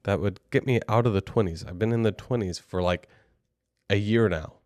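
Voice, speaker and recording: A man's voice: on the low side, normal speed, a little mellow, no room sound, clean studio sound. A young adult man co-hosting a podcast, telling a story in a chatty, rambling, self-deprecating way. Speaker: podcast co-host.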